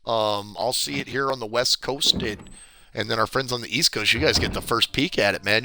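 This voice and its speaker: A man's voice: medium pitch, a little fast, vocal fry, noisy background. A man from California chatting casually with viewers while playing through a game walkthrough on a live stream. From California, USA. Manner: chatty, rambling, greets viewers. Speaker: gameplay streamer.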